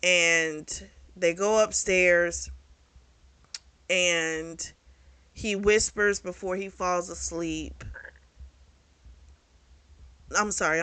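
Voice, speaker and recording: Bright, chatty, profane book reviewer. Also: medium pitch, smooth, dry recording. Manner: candid and profane, chatty storytelling. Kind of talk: casual book review retelling a plot.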